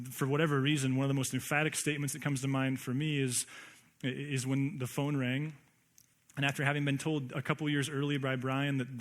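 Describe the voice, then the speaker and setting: A male pastor preaching a conversational sermon, full of rhetorical questions and emphatic repetition. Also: mid-range voice.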